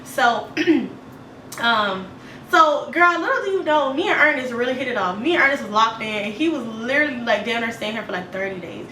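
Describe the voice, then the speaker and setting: A woman's voice: fairly high pitch, moderate pace, slight background noise. A woman telling a gossipy story in casual chat, full of slang, acting out what people said. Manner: animated gossip with lots of slang, acts out quotes. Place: home, indoors. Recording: echoey room, mic at a distance.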